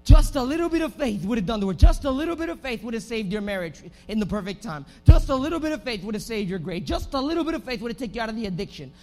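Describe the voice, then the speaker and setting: A young man preaching a lively sermon in a church, moving from hushed talk to shouting and acting out scenes. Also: very high-pitched, very fast, few pauses. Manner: animated, swings from hushed to shouting, acts out scenes. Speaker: pastor.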